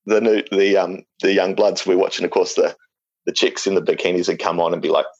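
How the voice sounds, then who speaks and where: Deep-voiced Australian man telling yarns. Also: steady tone, fairly quick, darkish tone, dull audio. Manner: rambling, jokey, many fillers and restarts. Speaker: interviewee. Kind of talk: casual storytelling.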